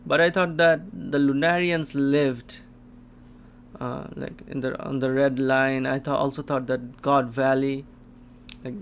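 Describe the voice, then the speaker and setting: Guy doing a live comic reaction, slow and unhurried, lots of gasps and oh my goshes. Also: mid-range voice, a little hiss or hum. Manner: gasps and exclaims, thinking aloud as he reads. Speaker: manga reaction host. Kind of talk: live reaction, reading a chapter aloud.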